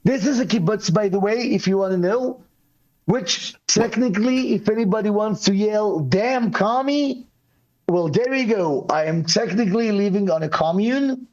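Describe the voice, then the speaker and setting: A high-voiced man calling in to a live show, talking in a rambling, animated way and breaking off into quick apologies. His voice sounds worn from yelling, and the call audio comes through dull and lo-fi. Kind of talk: casual debate chat.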